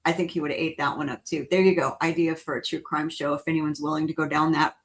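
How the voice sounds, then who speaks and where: A woman co-hosting a casual podcast, chatty and quick to laugh as she tells stories. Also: low voice. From New Orleans. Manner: chatty, laughs often, quotes others in lively bursts. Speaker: co-host.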